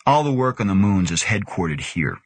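Guy reading a dry sarcastic older space scientist, low husky voice. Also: very animated, moderate pace, dry recording, heavily acted. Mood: wry. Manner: sardonic, offhand. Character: wry older male biophysicist on a space station.

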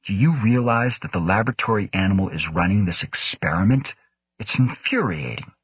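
A man's voice: on the low side, brisk, husky, dry recording. A man voicing a tense, precise female neurophysiologist who speaks formally. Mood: frustrated. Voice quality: formal, clipped.

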